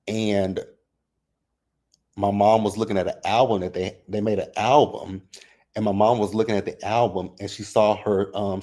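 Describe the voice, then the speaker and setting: A man's voice: fairly low pitch, a little mellow. A man in his thirties hosting a casual livestream recap, open and emotional as he talks about his family and fights back tears. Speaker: reality TV recap host.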